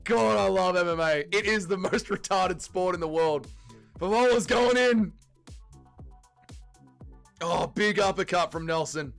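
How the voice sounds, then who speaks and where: A young man hosting a fight watch-along stream, chatting loosely and swearing freely, sometimes yelling. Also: high voice, a little slow, vocal fry, pauses often, faint music behind. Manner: swings from yelling and swearing to laid-back chat. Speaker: livestream host. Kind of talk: casual live fight watch-along chat.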